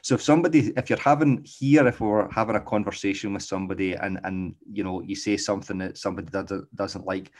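Middle-aged Glaswegian man with a low voice, easygoing rambling delivery, a dog trainer. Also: fairly even intonation, fast talker, few pauses, darkish tone. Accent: Glaswegian Scottish. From Scotland. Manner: rambling, often checks in with "okay?". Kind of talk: casual spoken monologue.

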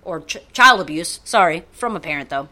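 A woman's voice: on the low side, a little fast. A woman co-hosting a podcast, rambling through a story in casual chat and swearing freely. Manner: profane, rambling, animated. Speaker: podcast co-host.

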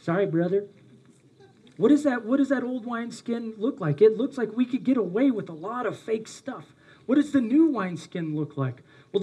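A man's voice: high-pitched, darkish tone, husky. A male pastor preaching a sermon, earnest and emphatic, speaking directly to his congregation.

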